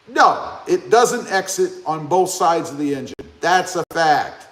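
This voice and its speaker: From Ohio, this live-stream host has a voice a little high for a man that swings widely in pitch, expressive and at normal speed with few pauses. In an echoey room he chats in a loose, easygoing way, reading viewer comments aloud and joking back at them.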